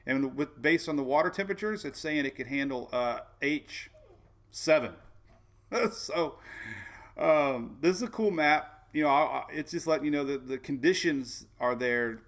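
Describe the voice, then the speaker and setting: A man's voice: a little high, moderate pace. A man hosting a casual weather livestream, chatty and folksy, often repeating himself and saying "man". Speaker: weather show host.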